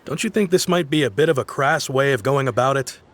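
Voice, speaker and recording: A man's voice: medium pitch, brisk, a bit bright, slight background noise, natural voice. A man voicing a busy, irritated townsman who brushes people off curtly. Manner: curt, dismissive.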